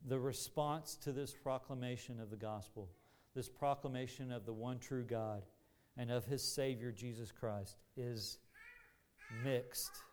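A man preaching a sermon to a congregation in an earnest, deliberate manner with rising emphasis. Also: medium pitch, darkish tone. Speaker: pastor.

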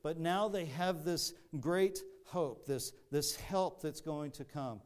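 Earnest man preaching, smooth clear voice. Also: a little high, a little slow, hardly any pauses. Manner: earnest, repeats words and restarts often. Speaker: pastor. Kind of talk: sermon.

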